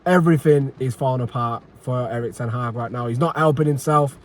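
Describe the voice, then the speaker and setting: A man's voice: medium pitch, brisk. Agitated, sweary man ranting. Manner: frustrated, sweary, repeats himself, sighs. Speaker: football fan channel host. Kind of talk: angry post-match reaction rant.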